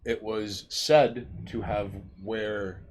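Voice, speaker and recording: A man's voice: on the low side, steady tone, drawn-out words, slight background noise. A man co-hosting a casual chat show. He rambles and stumbles over his words. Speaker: podcast co-host.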